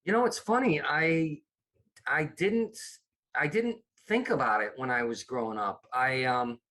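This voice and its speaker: A man's voice: medium pitch, a little slow, sharp tone. A middle-aged man from upstate New York, a comedy producer chatting as a podcast guest, rambling with many restarts. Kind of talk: casual interview chat.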